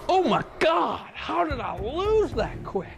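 A man's voice: high voice, expressive, unhurried, slight background noise. A man impersonating a touchy, self-assured older male statesman, rambling through comedic gaming commentary in character. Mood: chatty. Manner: rambling, muttering to himself while picking cards.

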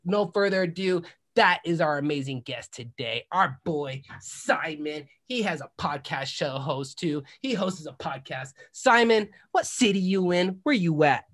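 A man hosting a podcast in a casual chat style. He talks in a hyped, loud way and often shouts and whoops. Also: on the high side, animated, a little slow. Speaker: podcast host.

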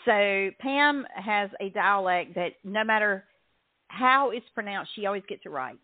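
A woman's voice: mid-range voice, lively intonation, unhurried, no echo. Chatty Southern woman on a tinny line. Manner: chatty and self-deprecating, laughs often. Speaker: radio show host. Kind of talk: casual chat.

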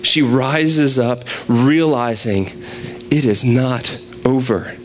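A young man gives a sermon in a casual, conversational tone, retelling a story with lively shifts and small restarts. His voice sits in a middle pitch. A faint noise runs under the recording. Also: takes it slowly. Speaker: preacher.

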